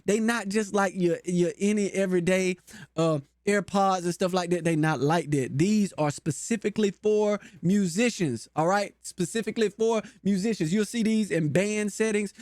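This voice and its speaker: Man, high voice, dry close sound, casual guitar lesson, folksy and talkative. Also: a little mellow, no echo. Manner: chatty, folksy and talkative, addresses viewers directly. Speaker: guitar teacher and channel host.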